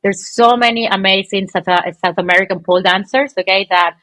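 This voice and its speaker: A woman from Venezuela, a guest telling stories in an animated, chatty way, full of "like" and "okay". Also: medium pitch, fairly quick, no room sound. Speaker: guest, pole dance champion. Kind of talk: casual interview storytelling.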